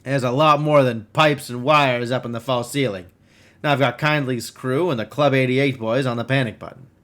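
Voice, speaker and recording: A man's voice: medium pitch, steady tone, normal speed, fairly bright tone, close to an everyday voice. A man voicing a boisterous, hungover middle-aged male cyber doctor who is cheerful and wisecracking.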